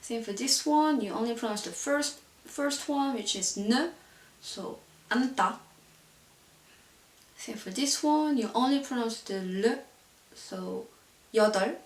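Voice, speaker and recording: A woman's voice: a little high, measured pace, far from the mic. A woman teacher giving an online pronunciation lesson, explaining patiently with frequent "so yeah" fillers. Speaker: language teacher. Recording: roomy echo, voice set back from the mic.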